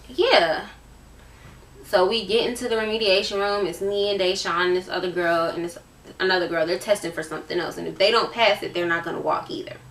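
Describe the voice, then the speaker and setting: A woman's voice: medium pitch, pushed and bright. A woman in her late teens from Virginia, talking candidly to camera in a casual, emotional storytime, often repeating herself for emphasis. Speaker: vlogger. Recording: roomy sound, voice from a distance.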